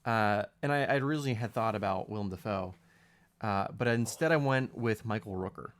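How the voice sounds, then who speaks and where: A man co-hosting a podcast in casual chat, relaxed and hesitant with many fillers. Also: fairly low pitch, fairly quick. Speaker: podcast co-host.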